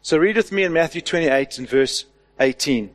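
A man's voice: on the high side, moderate pace. A man preaching a sermon as the pastor, asking rhetorical questions and stressing key words. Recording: long hall reverb.

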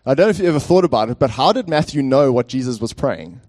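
A man's voice: mid-range voice, expressive, quick pace, a little mellow. A man preaching a sermon as pastor in a church, conversational and speaking directly to the congregation with frequent fillers.

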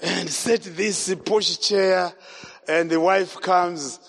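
A man's voice: sits high, steady tone, extremely slow, creaky, a bit bright. A man from Zimbabwe, preaching a sermon that mixes personal storytelling with questions to the congregation, repeating his key phrases. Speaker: evangelist preacher. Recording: long hall reverb.

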